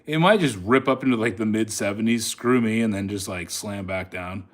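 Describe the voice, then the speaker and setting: A man's voice: lowish voice, moderate pace. A man casually talking through his live day trades, speaking to the chart and laughing often, recorded on a phone he holds in his hand. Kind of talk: casual live trading commentary. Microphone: phone held in hand.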